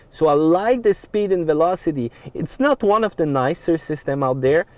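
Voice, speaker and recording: Inside a pickup truck cab, a car reviewer gives a casual rundown of the dashboard controls, his explanation loose and peppered with uh fillers and restarts. He is a man with a French accent and a slightly high, darkish voice.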